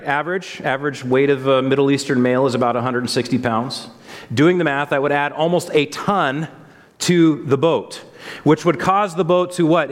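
At a church service, a male pastor preaches a sermon in a slightly high voice, and the sound is reverberant. He keeps it conversational, posing questions to the congregation.

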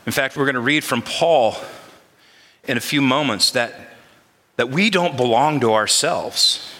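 A male pastor with a bright, medium-pitched voice preaches unhurriedly in a church sanctuary, conversationally posing rhetorical questions to the congregation. The large hall gives the recording a long reverb.

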